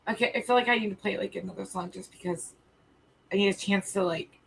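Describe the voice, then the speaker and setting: A young woman talks casually to her live-stream viewers, choked up and close to tears. She keeps stopping to collect herself, and her asides trail off softly. Her voice sits at an ordinary middle pitch. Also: fast, gravelly, breathy edge, rough recording.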